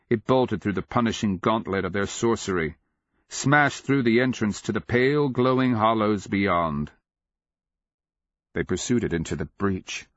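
A man reading a fantasy audiobook in a measured, grave storytelling manner that swells during battle scenes. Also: fairly low pitch, a bit bright, no room sound, highs cut off. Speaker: audiobook narrator. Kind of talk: dramatic fantasy audiobook narration.

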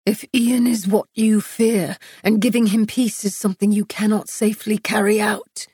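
A woman reading an audiobook and voicing an ardent, intense male lover, low and urgent. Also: fairly even intonation, moderate pace, warm tone, husky, dry recording, studio quality.

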